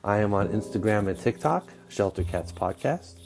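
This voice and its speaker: A man's voice: lowish voice, animated, moderate pace, vocal fry. Scratchy-voiced man hosting a cat podcast. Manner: chatty, enthusiastic, self-deprecating. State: scratchy voice, getting over illness. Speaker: podcast host. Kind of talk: solo podcast intro.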